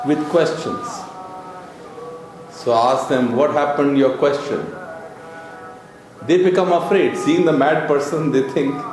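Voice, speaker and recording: A man giving a casual, playful spiritual talk, laughing and clearing his throat often. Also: fairly high pitch. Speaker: spiritual teacher. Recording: very echoey room with music behind. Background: music.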